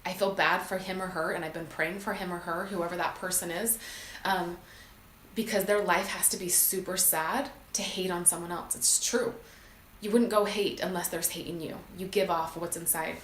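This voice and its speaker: A woman's voice: on the low side, steady tone, normal speed, fairly bright tone, a little hiss or hum. Earnest woman in a roomy space. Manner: earnest, emotional, many fillers. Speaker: podcast host. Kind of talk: heartfelt motivational talk.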